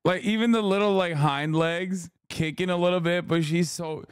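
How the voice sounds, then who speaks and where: A man streaming, giving loud, joking, profane commentary as he reacts to videos and laughs often. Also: high voice, steady tone, normal speed, clear, resonant tone, dry recording, studio quality.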